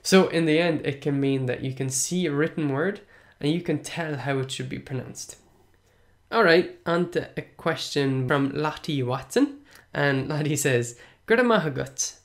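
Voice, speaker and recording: A man's voice: a little high, fairly even intonation, measured pace. A man from Munster with an Irish accent, hosting a casual podcast lesson and answering listener questions in a chatty, encouraging way that repeats points for emphasis. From Munster, Ireland. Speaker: podcast host and Irish teacher.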